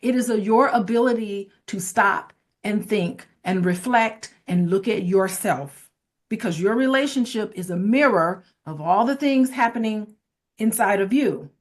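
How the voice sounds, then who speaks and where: A woman's voice: mid-range voice, measured pace. A woman therapist in casual conversation, giving firm advice about relationships. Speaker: therapist, co-host.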